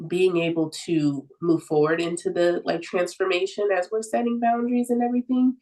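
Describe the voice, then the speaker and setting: A woman's voice: fairly low pitch, steady tone, normal speed, warm tone, rough recording. A woman talking as a podcast guest in an earnest, reflective way, with lots of "like" fillers and easy laughs. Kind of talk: casual conversational podcast talk.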